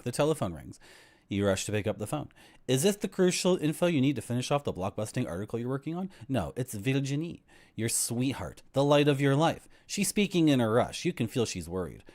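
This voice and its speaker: Male streamer, lively pitch, casual rants, reads game text aloud. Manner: ranting, lively. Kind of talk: gameplay commentary and reading game text aloud.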